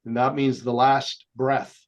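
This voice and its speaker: A man, a guest actor who tells animated anecdotes in an interview. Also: medium pitch, measured pace, dull audio. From Canada. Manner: animated raconteur, slips into voices when he quotes people.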